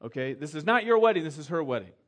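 A middle-aged man, a pastor, preaching a sermon in a conversational storytelling way, acting out the people he quotes and dropping soft for emphasis. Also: a little high, very animated, quick pace.

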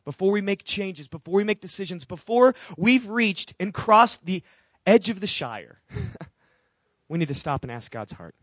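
A man's voice: high voice, very animated, measured pace, fairly bright tone, no echo, clean studio sound. A man preaching a sermon, earnest and emphatic, with repeated phrases and direct questions to the congregation. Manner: asks the audience questions directly. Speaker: pastor.

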